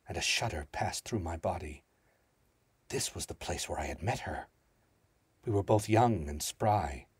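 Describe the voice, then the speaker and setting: A man giving a grave, theatrical first-person reading of a dark story. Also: low voice, husky, no echo. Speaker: narrator.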